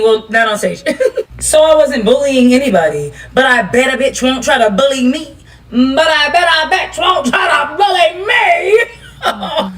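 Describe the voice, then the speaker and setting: A woman telling a story in an animated, blunt and profane way. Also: on the high side, far from the mic. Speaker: storytime commentator.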